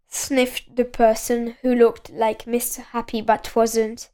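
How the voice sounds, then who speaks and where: A woman's voice: on the high side, fairly even intonation, takes it slowly, darkish tone. A woman reading a children's storybook aloud, often breaking into giggles.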